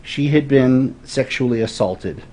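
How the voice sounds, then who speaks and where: A man's voice: medium pitch, measured pace, dark tone. A man in his forties from Florida, a guest telling stories in an earnest, thoughtful way in a casual interview.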